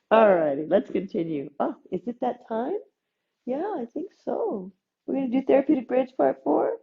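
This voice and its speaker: A woman teaching a gentle yoga class, calmly cueing breaths and movements with playful asides. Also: fairly high pitch, normal speed, gravelly, slightly rough, phone-quality sound. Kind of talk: guided yoga class instruction.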